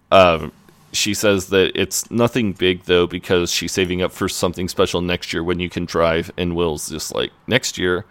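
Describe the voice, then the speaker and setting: An American man with a very low voice, casually recapping a sitcom episode on a podcast. He talks in a loose, relaxed way, full of fillers and little laughs. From United States. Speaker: podcast co-host. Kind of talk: casual chat recapping a show.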